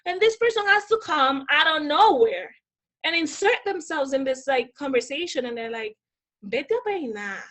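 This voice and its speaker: A young woman from the Dominican Republic with a high voice tells her stories in a casual podcast interview. She is animated and slips into the voices of the people she quotes. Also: normal speed. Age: young adult. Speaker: podcast guest.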